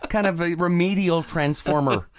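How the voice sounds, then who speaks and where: A man's voice: fairly high pitch, normal speed. A man chatting as a guest on a podcast, jokey and rambling, chuckling through his answers. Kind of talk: casual podcast chat.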